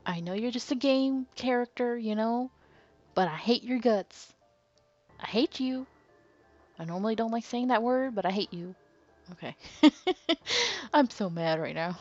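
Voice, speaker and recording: A woman's voice: a little high, expressive, unhurried, long pauses, dull audio, faint music behind. A young woman hosting a let's play, reading game text and reacting with strong, outspoken emotion. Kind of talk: casual game commentary and reading.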